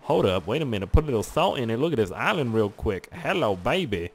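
Speaking fast in a sing-song, slightly rough mid-range voice, a young man rambles through casual let's-play commentary on a survival game. He's a gaming YouTuber who jokes and swears a lot as he plays.

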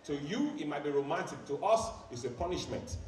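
A man with a Nigerian accent performing stand-up comedy in a preacher-like, animated way, repeating lines for effect. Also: a little high, a little fast, echoey room, distant mic, a little hiss or hum. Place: live venue with audience.

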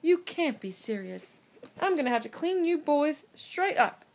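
A woman's voice: high-pitched, big pitch swings, a little slow, a little hiss or hum, exaggerated voice. A woman voicing a prim, fussy young girl cootie bug who talks in a prissy, scolding way. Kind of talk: cartoon voice acting.

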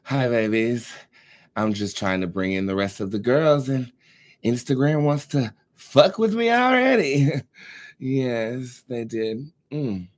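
A man's voice: mid-range voice, animated, slow pace. A man hosting a live tarot stream in casual chat, sassy and profane, calling his viewers darling and girls while he sorts out his setup. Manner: chatty, talking to himself while fixing tech. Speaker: tarot reader hosting a livestream.

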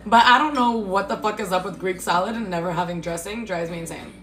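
A woman hosting a casual livestream from her kitchen, eating and chatting with viewers in a blunt, profane, laughing way, recorded on a phone. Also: mid-range voice. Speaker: livestream host. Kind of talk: casual chat while eating. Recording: echoey room with faint music.

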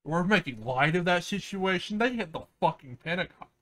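A man's voice: high-pitched, lively intonation, brisk, a bit bright. A young man hosting a music reaction video, talking casually in a crude, rambling, joking way. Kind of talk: casual album reaction commentary. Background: album playing in the background.

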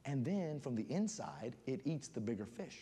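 A man preaching a sermon as a guest speaker, building up to loud fervent shouting. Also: medium pitch, sing-song, moderate pace. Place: church sanctuary. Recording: church hall reverb.

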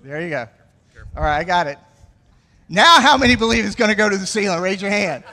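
A Southern pastor preaches in a playful, joking style and keeps pulling the congregation in. His voice sits high and bright for a man, with long reverb from the church hall around him. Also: expressive, a little fast. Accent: American Southern. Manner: joking, playful crowd interaction. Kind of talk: sermon.

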